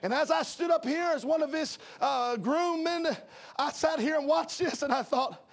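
A man preaches in a strikingly high voice. He delivers an impassioned sermon, often shouting and crying out hallelujahs. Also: moderate pace. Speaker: pastor.

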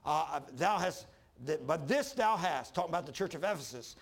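A man preaching a fervent sermon as pastor, swinging from loud emphasis to hushed lows and calling on the congregation to answer. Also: lively intonation, moderate pace, vocal fry. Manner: calls for congregation responses.

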